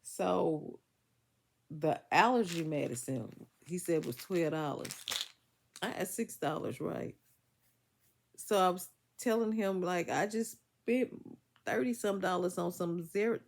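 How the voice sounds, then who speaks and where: Woman vlogger, fry in the voice, casual and emphatic, a bit under the weather. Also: lowish voice, a little slow. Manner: chatty, emphatic, Southern US vernacular speech. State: congested, recovering from illness. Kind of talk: casual storytelling to viewers.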